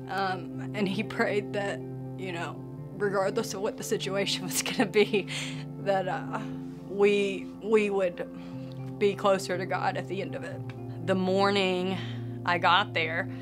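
A woman sharing a personal faith testimony in an earnest, emotional way, with soft laughs between phrases. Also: mid-range voice, little pitch movement, slow pace, pauses often, loud music behind the voice.

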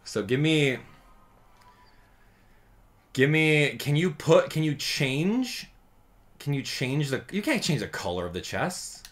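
A man giving casual gameplay commentary as a channel host, chatty and excitable, thinking out loud as he plays. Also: on the high side, takes it slowly, long pauses.

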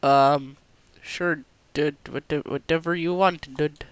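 A man's voice: a little high, fairly even intonation, slow pace, clear, resonant tone, no room sound, lo-fi sound. A young man with a stuffy cold, casually commenting on his own gameplay as a channel host, chatty and self-mocking. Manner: chatty, self-mocking, talks to himself while playing.

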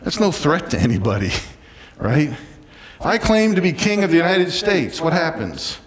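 Guy preaching in church, voice jumps all over, kinda high, long echo off the walls. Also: moderate pace. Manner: animated preaching, acting out crowd voices. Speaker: pastor. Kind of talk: sermon. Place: church sanctuary.

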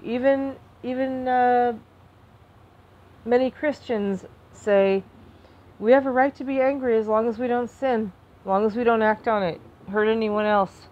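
A woman talking to camera in an emotional personal monologue, impassioned, restarting and repeating herself, flaring into anger and then softening. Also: a little high, normal speed, highs cut off. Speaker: vlogger.

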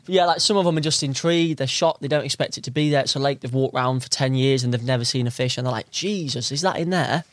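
Fast-talking with few pauses, this young Londoner has a medium-pitched voice with fairly even intonation, captured in a dry recording. Appearing as a podcast guest and angler, he swaps relaxed stories and voices the people he quotes.

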